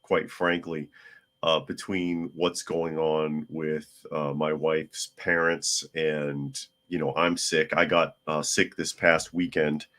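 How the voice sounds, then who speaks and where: A hoarse man hosting a casual news talk podcast, chatty with wry asides. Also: rumbling low, level tone, takes it slowly, fairly bright tone. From United States. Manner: chatty, wry asides, talks to his cat. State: hoarse from a cold. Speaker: podcast host.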